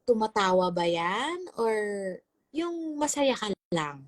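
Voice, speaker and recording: A Filipino woman hosting a casual live chat, talking brightly, laughing often and reading viewer comments aloud. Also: medium pitch, big pitch swings, slow pace, no room sound. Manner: bubbly, chatty, laughs often, mixes languages. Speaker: host and life coach.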